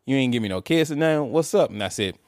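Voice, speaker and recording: A man's voice: medium pitch, fast talker, no echo, clean studio sound. A man, co-hosting a podcast and telling a casual story, laughing and acting out what people said. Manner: animated, laughing, acts out quotes. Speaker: podcast co-host.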